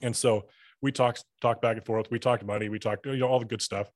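Man, podcast guest: rapid, profanity-laced storyteller, dry close sound. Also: medium pitch, fairly even intonation, no echo. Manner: profane, rambling anecdotes with acted-out dialogue. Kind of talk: casual storytelling chat.

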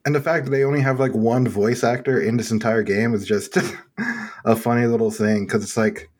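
A man from Texas hosting a casual gaming podcast, laughing often and making animated asides. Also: medium pitch, normal speed. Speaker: podcast host.

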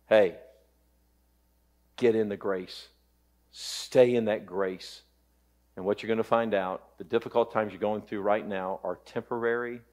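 Man preaching with swinging intensity. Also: fairly low pitch. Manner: impassioned preaching, swinging from loud to hushed. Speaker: pastor. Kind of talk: sermon.

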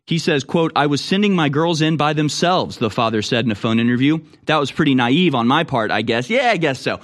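A man hosting a political commentary show, reading news stories aloud and reacting with indignant, mocking remarks. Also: medium pitch. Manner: indignant, mocking, puts on voices for people he quotes. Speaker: political talk show host.

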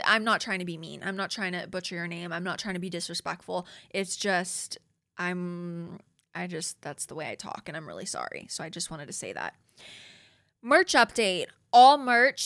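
Young LA Valley Girl woman podcast host, bright tone, casual, swears, mid pitch. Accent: Valley Girl Los Angeles. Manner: chatty, frequent "like" and "you guys", laughs often, swears casually. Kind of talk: casual solo podcast chat.

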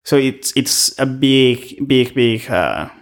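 A podcast guest who works in restaurants takes it slowly, spinning rambling stories about the work in a casual chat. His medium-pitched voice is expressive.

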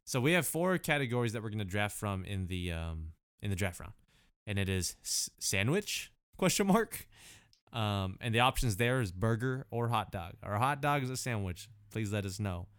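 A man co-hosting a podcast in casual, slangy chat, laid-back and quick to laugh. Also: fairly low pitch, expressive, a bit bright, clear, resonant tone, no room sound, clean studio sound. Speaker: podcast co-host.

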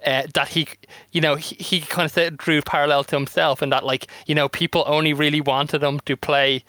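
A man's voice: on the high side, flat delivery, fairly quick, bright, forceful tone, no room sound. A man co-hosting a podcast, rambling through his points with lots of 'you know' and 'like' in a casual chat. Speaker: podcast co-host. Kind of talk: casual film discussion.

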